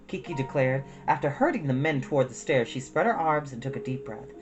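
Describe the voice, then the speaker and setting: A woman storyteller reading a children's book aloud with an expressive, lively delivery. Her voice sits low but swings widely as she narrates. Guitar music plays clearly behind her. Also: moderate pace, hardly any pauses. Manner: expressive, addresses young listeners.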